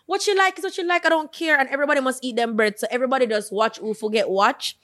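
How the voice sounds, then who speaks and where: A woman's voice: sits high, fast talker. A woman co-hosting a podcast, chatting and laughing while she acts out the voices of people in her stories. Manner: lively and laughing, drops into quoted voices. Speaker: podcast co-host. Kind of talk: casual chat.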